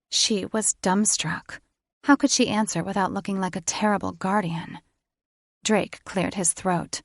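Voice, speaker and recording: A woman narrates a fantasy novel at a slow, deliberate pace. Her storytelling is measured and even. The voice sits close and dry, with no room sound around it. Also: mid-range voice, no room sound. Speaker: audiobook narrator. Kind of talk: scripted audiobook narration.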